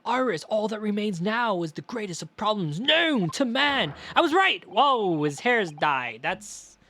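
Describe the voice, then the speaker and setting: A woman's voice: medium pitch, sing-song, unhurried, fairly bright tone. A woman streaming a video game, reading the dialogue aloud in character voices and cursing in her asides. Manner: swings between character voices and swearing asides. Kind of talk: live game playthrough with read-aloud dialogue.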